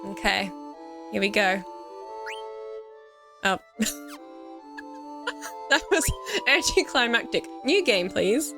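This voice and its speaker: A woman in her thirties with an Australian accent, giving gushing, excitable commentary on a game she loves. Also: mid-range voice, slow, long pauses. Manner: excitable and gushing, laughs often. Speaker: let's play gamer. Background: faint game music.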